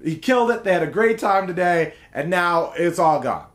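Animated man retelling a film. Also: high-pitched, normal speed. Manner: animated retelling, acts out characters, laughs often. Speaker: film review host. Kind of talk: casual film breakdown.

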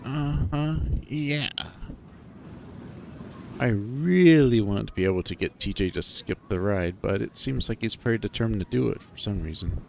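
A man narrating a first-person story in a conversational, animated way. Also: lowish voice, brisk, creaky, hardly any pauses, slight background noise.

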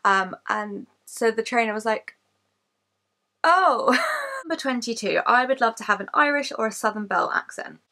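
A woman's voice: fairly high pitch, brisk, few pauses, sharp tone. A woman in her late twenties from Kent with an English accent, chatting to camera as a YouTuber and listing facts about herself, candid and self-mocking, swearing freely. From England, Kent.

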